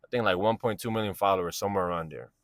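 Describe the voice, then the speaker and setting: Casual storyteller, male, low-pitched, rambling slang delivery, dry close sound. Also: very fast, fairly bright tone, dry recording. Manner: slangy, rambling, keeps asking "you know what I'm saying". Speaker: vlogger telling a personal story.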